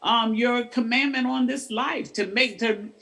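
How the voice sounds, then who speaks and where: Bright, high-voiced male minister. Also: fairly even intonation, unhurried. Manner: encouraging, preacherly, asks "right?" often. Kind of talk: faith-based casual chat.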